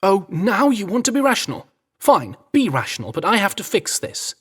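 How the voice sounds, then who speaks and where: A man's voice: a little high, big pitch swings, brisk, voice pushed up. A man voicing an anxious, urgent British male member of palace staff in an audio drama. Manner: urgent, pained. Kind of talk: audiobook character voice.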